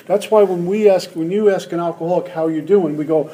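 A man's voice: sits high, steady tone, quick pace, lo-fi sound, crowd noise. A man speaking at a recovery meeting to a live audience, humorous and acting out the voices in his head. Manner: humorous, acts out inner voices. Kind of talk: personal talk to a live audience.

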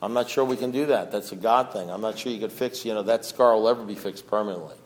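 A middle-aged man giving a twelve-step recovery testimony, talking in a loose conversational way with lots of fillers, dropping low and hushed, then rising to loud, raised outbursts. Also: fast talker. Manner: conversational, fillers like "you know" and "deal", mimics voices. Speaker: recovering alcoholic sharing at a meeting.

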